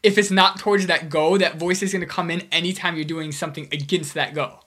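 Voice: medium pitch, steady tone, a little fast, a bit bright, husky. A podcast co-host in casual chat, curious and musing aloud, with frequent repeated starts.

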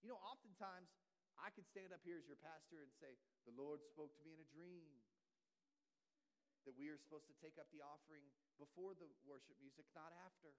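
A middle-aged man, a pastor, preaching a sermon in a conversational way with jokes, sometimes dropping to a soft low voice for emphasis. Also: a little fast, low-quality recording.

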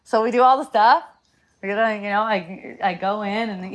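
A woman's voice: mid-range voice, normal speed. A middle-aged woman telling a story about her sons in a casual chat, laughing often and rambling with many restarts.

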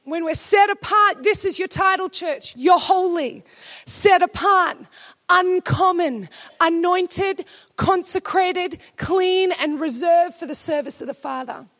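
High-voiced woman preaching with emphatic force. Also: slow pace. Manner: emphatic, rising to shouted declarations. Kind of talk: sermon.

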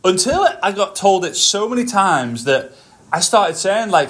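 Upbeat male podcast host, slightly high voice. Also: measured pace. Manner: energetic, storytelling, talks while walking on a treadmill. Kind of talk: motivational podcast monologue.

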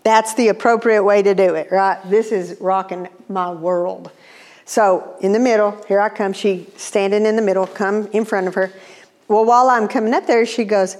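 Woman, mid-pitched voice, animated and humorous testimony storyteller. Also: moderate pace. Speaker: speaker.

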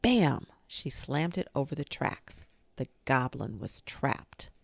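A woman reading a children's storybook aloud in a slow, expressive manner. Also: rumbling low, creaky, dry recording. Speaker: narrator.

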